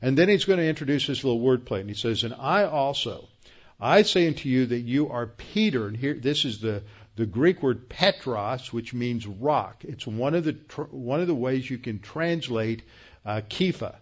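A man's voice: medium pitch, expressive, normal speed, slightly rough, highs cut off. A man teaching a Bible lesson in a conversational sermon style, explaining as he goes with fillers and restarts. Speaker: pastor teaching Bible study.

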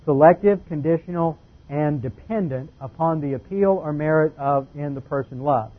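A man's voice: on the high side, normal speed, phone-quality sound. A man preaching a methodical doctrinal Bible lesson, laying out numbered points and careful definitions.

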